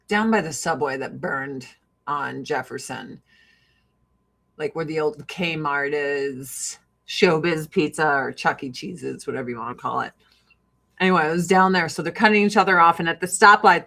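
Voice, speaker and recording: A middle-aged Illinois woman with a Chicago-area Midwestern accent hosts a skincare livestream in a deep, somewhat slow voice with vocal fry and frequent pauses, her tone bright and forceful. The recording is rough, and her rambling talk is casual, profane, full of laughter and mimicry.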